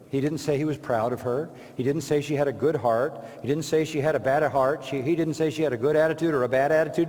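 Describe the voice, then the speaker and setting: A man's voice: medium pitch, dark tone. A man preaching a sermon, emphatic and rhetorical, answering imagined objections with short, repeated phrases. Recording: long reverb of a large hall.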